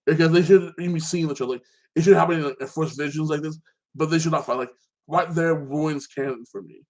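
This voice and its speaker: Here a host with a slightly high, steady, somewhat mellow voice talks quickly while recapping a TV episode. He's opinionated and rambling, ranting about plot holes, restarting sentences and leaning on "like that."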